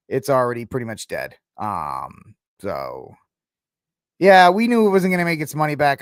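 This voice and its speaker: A man's voice: on the high side, dry recording. Man, podcast host, rambling casual commentary, exasperated, dry close sound. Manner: rambling, animated, mocking and exasperated.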